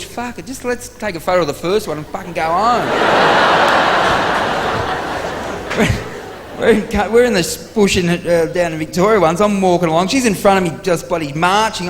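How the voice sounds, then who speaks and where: A high-pitched Australian man doing stand-up, rattling through profane, exasperated stories and jumping to sudden shouts. He sounds live on a theatre stage, with a long hall echo and clear audience noise all around him. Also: expressive. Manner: rapid, profane, exasperated storytelling with sudden loud outbursts. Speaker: stand-up comedian. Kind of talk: stand-up comedy routine.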